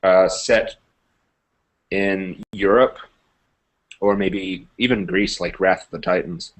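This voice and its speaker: A man's voice: deep voice, steady tone, slow pace. A young man co-hosting a casual movie review chat, opinionated and hedging his views. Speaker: co-host.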